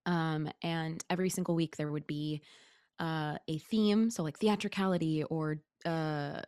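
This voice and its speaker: A woman's voice: low-pitched, fairly even intonation, measured pace, a little mellow, clear, resonant tone, no echo, studio quality. A woman guest in a casual chat, talkative and often laughing. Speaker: guest, former reality show contestant.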